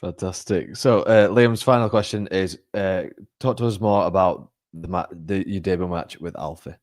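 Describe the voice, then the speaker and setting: A male podcast host reading out listener questions in a brisk, upbeat manner. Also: deep voice, fairly even intonation, darkish tone, no echo, studio quality.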